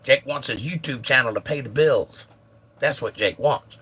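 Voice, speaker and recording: A man with a slightly hoarse, bright voice hosts a relaxed live stream from home. He reads chat comments aloud and answers them in an easygoing, chatty way. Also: mid-range voice, normal speed. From United States. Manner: laid-back, reads viewer comments aloud. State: a little hoarse. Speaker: livestream host reading chat.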